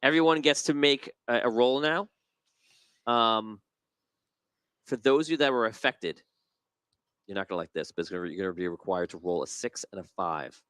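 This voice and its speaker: Low-voiced man running a tabletop game. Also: normal speed, long pauses, a bit bright, clean tone, no echo. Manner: patient, explains rules with restarts and chuckles. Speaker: game master.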